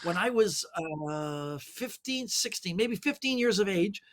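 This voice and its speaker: High-voiced man telling lively stories. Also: unhurried. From Canada. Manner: animated anecdotes with many fillers. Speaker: guest magician. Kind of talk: storytelling interview answers.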